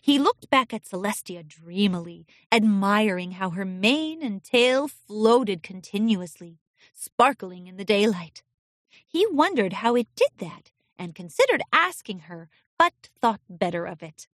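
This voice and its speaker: Animated woman reading a storybook. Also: medium pitch, measured pace, no room sound, studio quality. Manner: expressive, animated. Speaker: narrator.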